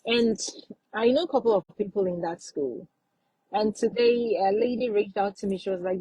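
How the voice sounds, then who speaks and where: Mellow, husky-voiced woman chatting live. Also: mid-range voice, very animated, measured pace, no room sound, low-quality recording. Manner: chatty, repeats points for emphasis. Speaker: live-stream host giving study-abroad advice. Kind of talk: casual live-stream chat.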